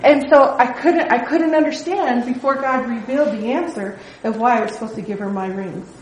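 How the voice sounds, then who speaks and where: A woman's voice: fairly high pitch, a little fast, a little mellow, a little hiss or hum. A middle-aged woman leading a Bible study, telling a personal testimony in an earnest, conversational way. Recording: echoey room.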